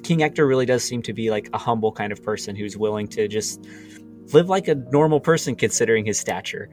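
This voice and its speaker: A man's voice: fairly low pitch, fairly quick, faint music behind. Man narrating as game master. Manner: relaxed, laughs often.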